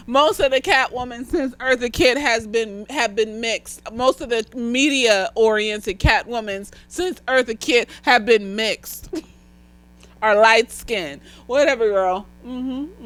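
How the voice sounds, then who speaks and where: A woman's voice: a little high, a bit bright. A young woman, a therapist a little tipsy, rambling through a casual movie review with lots of swearing and laughter. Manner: rambling, profane, laughs often. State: slightly tipsy.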